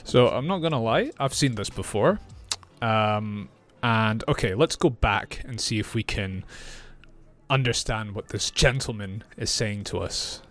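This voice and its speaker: A man from Scotland with a Scottish accent, speaking clearly and slowly as an English teacher reacting to clips. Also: lowish voice, animated, fairly bright tone, a little hiss or hum. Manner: clear, slow and friendly teaching. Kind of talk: reaction video lesson.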